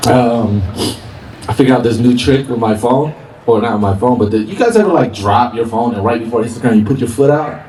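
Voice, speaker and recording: Captured by a far mic with noisy, roomy open-air sound, a man with a mid-range, dark voice does stand-up on an outdoor park stage. He laughs his way through his punchlines.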